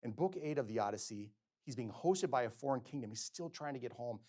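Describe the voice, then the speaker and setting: A middle-aged man giving a lecture at a medium pitch. He tells stories with lively swings in volume, leaning in to act out the quotes. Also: fairly quick. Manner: animated storyteller, acting out quotes with sudden loud and soft swings. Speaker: physician giving a grand rounds lecture. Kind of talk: lecture with storytelling. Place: lecture hall.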